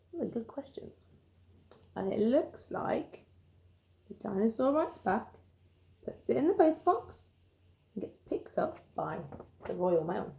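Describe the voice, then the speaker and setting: A woman teacher reading a picture book aloud for children, gently commenting on the pictures. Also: a little high, big pitch swings, slow pace, gravelly, long pauses. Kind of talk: children's story time narration.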